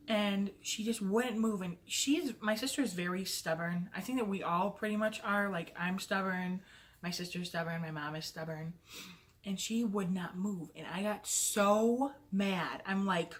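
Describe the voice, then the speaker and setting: A woman's voice: mid-range voice, moderate pace. Chatty young woman telling a storytime. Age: young adult. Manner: chatty, fills talk with "like"; playful and self-mocking. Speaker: vlogger. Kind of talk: casual storytime.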